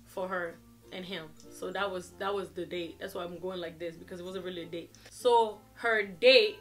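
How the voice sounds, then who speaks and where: A woman's voice: lowish voice, fairly quick, faint music behind. Chatty young woman telling a story. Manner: animated, chatty, acts out quoted dialogue. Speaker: vlogger. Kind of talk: casual storytime chat to camera.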